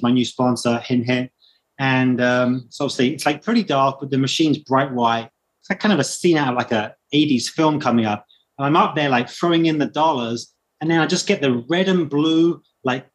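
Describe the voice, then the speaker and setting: A man with a British accent, casually telling a long story as a guest and acting out the voices of people he met. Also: mid-range voice. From Britain. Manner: animated anecdote telling, acting out quoted voices. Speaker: guest runner.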